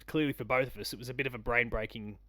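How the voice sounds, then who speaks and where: A man's voice: mid-range voice, fairly even intonation, very fast, pushed and bright, dry recording. A man co-hosting a casual game review chat, speaking in a chatty, joking way. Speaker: podcast co-host.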